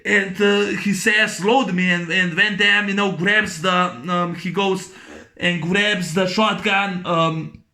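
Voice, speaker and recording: Man with a high, bright voice, excited casual movie recap, mouths gunshot noises, halting with lots of fillers. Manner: excited, imitates gunshots with his voice; halting, full of fillers and restarts. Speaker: movie reviewer.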